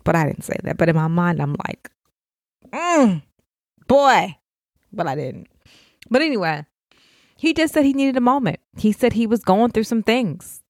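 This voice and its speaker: A middle-aged woman hosting a podcast, talking with deep feeling and speaking straight to other mothers in casual, heartfelt chat. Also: lively intonation, moderate pace, darkish tone, dry recording, clean studio sound. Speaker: podcast host. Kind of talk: heartfelt casual talk to listeners.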